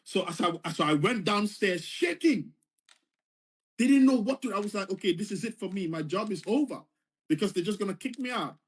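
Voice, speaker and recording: A man's voice: high-pitched, animated, brisk. A man earnestly retelling a personal story, repeating phrases for emphasis. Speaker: former foreign service official telling his story.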